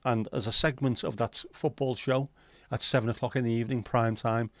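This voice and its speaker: This man hosts a casual livestream in a brisk, mid-range voice with fairly even intonation, bantering loosely and swearing often while working through viewer comments. There's no room sound.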